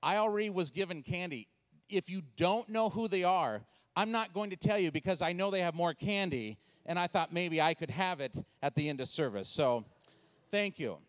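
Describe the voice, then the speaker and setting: A man's voice: high-pitched, expressive, normal speed, no echo. A man in his forties speaking as a guest in church, telling stories in a playful, self-deprecating, conversational way. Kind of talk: comedic storytelling sermon. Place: church sanctuary.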